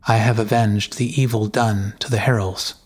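A man's voice: on the low side, steady tone, moderate pace, darkish tone, husky. A man voicing a brave young woman warrior who gives a formal, earnest account of a battle in a storybook reading. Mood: solemn.

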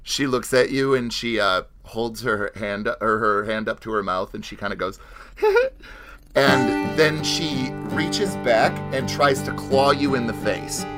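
A man runs a tabletop role-playing game, narrating scenes in a halting way with many fillers. His voice is bright and forward at a middle pitch, with faint music in the background. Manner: hesitant, filler-heavy narration. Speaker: game master.

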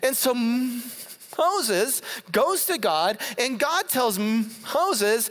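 A preacher giving a sermon to a congregation, reading scripture and then retelling it in a playful, animated way. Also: mid-range voice, extremely slow. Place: church hall before a congregation. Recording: long hall reverb.

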